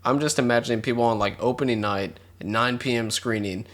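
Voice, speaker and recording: A man's voice: medium pitch, a little fast, a bit bright. A man co-hosting a casual film podcast, reading out notes with dry, joking asides. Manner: laid-back, reads notes with dry asides. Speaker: podcast co-host.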